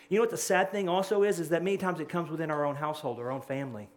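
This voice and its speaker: A man's voice: fairly high pitch, steady tone, racing, few pauses. A pastor preaching a sermon in an earnest, urgent way, often restarting his phrases.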